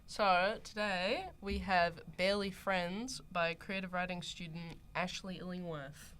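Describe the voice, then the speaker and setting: A woman's voice: on the low side, steady tone, measured pace, background noise. A young Australian woman hosting student radio, chatting casually and reading a story aloud. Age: young adult. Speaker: radio host.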